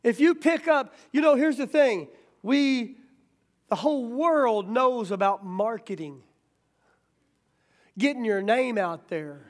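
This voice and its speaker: A man preaching a sermon as pastor, plainspoken and folksy, swinging from quiet talk to sudden loud rises. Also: extremely high pitch, lively intonation, slow, pauses often.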